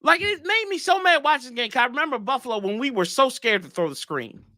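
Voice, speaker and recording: Speaking fast with lively intonation, a sports show host rants casually in a notably high, bright voice whose pitch swings widely. He rambles, exasperated, with slangy asides to viewers, and the sound is dry and close with no room sound.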